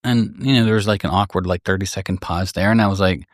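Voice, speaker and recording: A middle-aged man hosts his shop's podcast in a lowish, easygoing voice. He tells stories candidly and rambles a bit, restarting his sentences. The sound is dry and close, with no room echo. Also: fairly even intonation, fast, hardly any pauses. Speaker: gunsmith and podcast host. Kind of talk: casual storytelling podcast.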